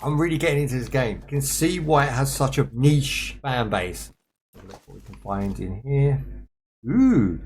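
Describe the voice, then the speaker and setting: A young man talks casually over his gameplay, joking and answering chat as he goes. His voice sits at an ordinary middle pitch. A faint noise hums under the recording. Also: normal speed, darkish tone. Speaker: streamer playing a survival game.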